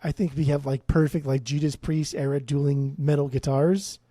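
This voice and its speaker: A man co-hosting a podcast, enthusing with plenty of swearing and false starts. His voice is slightly high for a man. It is recorded close and dry. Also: level tone, moderate pace, dark tone, dry recording. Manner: enthusiastic, swears, talks in fits and restarts. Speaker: podcast co-host. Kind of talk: casual chat.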